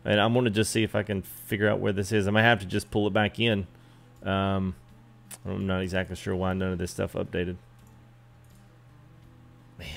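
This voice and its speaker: A man's voice: low voice, level tone, moderate pace, gravelly, long pauses. A man chatting casually with live viewers while customizing a truck in a game, greeting them by name. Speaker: streamer. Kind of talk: live gameplay stream chat.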